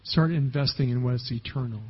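A man's voice: mid-range voice, moderate pace, slightly rough. A man preaching a sermon as pastor, talking conversationally and often checking in with the congregation, on a dull lo-fi recording.

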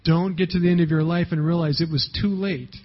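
On a dull, lo-fi recording, a male pastor preaches in a steady, slightly high voice at a fairly quick pace. He keeps it conversational and often checks in with his congregation.

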